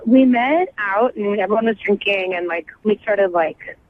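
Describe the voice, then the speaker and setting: A woman's voice: mid-range voice, normal speed, a little hiss or hum. A woman calling in to a morning radio show, chatting in a gushing way with lots of "like". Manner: chatty, gushing, heavy use of "like". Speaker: caller. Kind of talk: phone-in chat on morning radio. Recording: tinny phone line, dry.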